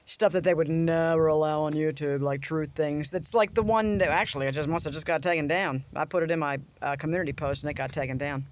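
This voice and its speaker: A woman's voice: deep voice, steady tone, fast talker, few pauses, slight background noise. Blunt, crude woman ranting on a vlog. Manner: sarcastic, swings into mocking voices. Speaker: vlogger. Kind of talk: casual opinion rant to camera.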